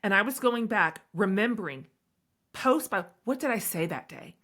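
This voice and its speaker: Middle-aged woman author, guest in a candid podcast chat, bright and emphatic delivery. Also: mid-range voice, lively intonation, moderate pace. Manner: earnest, emphatic storyteller.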